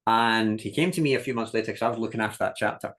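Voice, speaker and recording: A man teaching a business masterclass, telling lively stories, acting out quoted voices and laughing often, and repeating key points with direct emphasis. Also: fairly low pitch, very fast. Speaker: business coach.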